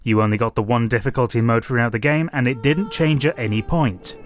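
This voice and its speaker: A man's voice: mid-range voice, fairly even intonation, fairly quick. Dry man narrating a review. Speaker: game reviewer. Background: faint background music.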